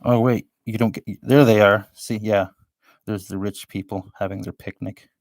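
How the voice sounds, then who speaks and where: Low-voiced man rambling while drawing. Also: fairly even intonation, moderate pace, a little mellow, dry recording. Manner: rambling, restarts often, sardonic asides. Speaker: show host. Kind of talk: rambling live-stream commentary while drawing.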